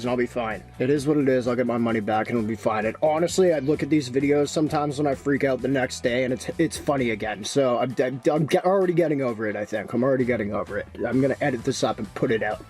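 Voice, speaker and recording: A young man talking casually in a vlog, excitable and swinging between hype and frustration. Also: medium pitch. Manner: excitable, swings from hyped to deflated and angry. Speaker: vlogger.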